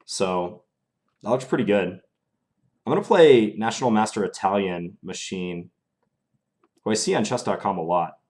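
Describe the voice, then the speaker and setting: A young man narrates his own chess games live, thinking aloud in an easy, analytical way. His voice sits a little low, and he speaks as if recording at a desk microphone. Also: expressive, normal speed, long pauses, a little mellow. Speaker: chess streamer.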